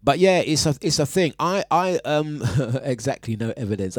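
A man's voice: medium pitch, moderate pace, no room sound, studio quality. A man hosting breakfast radio, teasing a colleague and laughing often. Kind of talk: casual radio chat.

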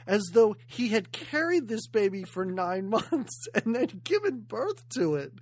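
A woman's voice: medium pitch, very animated, measured pace, a little mellow. A woman co-hosting a casual movie podcast, wry and incredulous, often laughing as she talks. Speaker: podcast co-host.

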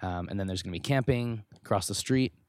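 This podcast guest, a musician who also runs a festival, talks casually outdoors on a city rooftop in an upbeat, easygoing mood, laughing readily. His voice sits on the low side and moves at a quick pace. The sound is studio quality with no room echo.

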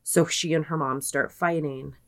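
Low-voiced woman telling a story. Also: fairly even intonation, measured pace. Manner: retells events with many likes, quoting people in her own voice. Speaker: podcast co-host. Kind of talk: casual storytelling chat.

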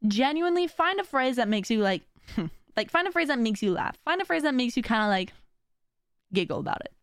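A woman hosting her own podcast, chatting casually with lots of slang and frequent laughter. Her voice sits fairly high, and the sound is dry and close with no room echo. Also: brisk, clean tone. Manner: animated, slangy, laughs often. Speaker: podcast host. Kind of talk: casual chat.

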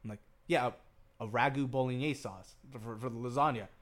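A young man chatting loosely on a podcast with a voice of middling pitch. He rambles, curses freely and breaks into laughter when he gets worked up over a story. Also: fairly quick, fairly bright tone. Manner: rambling, swears a lot, laughs often, gets worked up telling stories. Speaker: podcast co-host. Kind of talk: casual chat.

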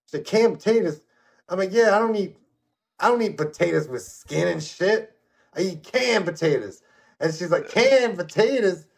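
A high-pitched, gravelly and slightly rough voice belongs to a middle-aged man co-hosting a podcast at a normal speed. He rambles through profane, casual stories and opinions, frequently asking "you know what I mean".

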